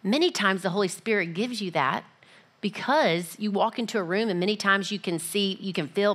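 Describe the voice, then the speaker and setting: A woman giving a casual, lively church teaching, often acting out little voices and dialogues. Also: medium pitch, moderate pace.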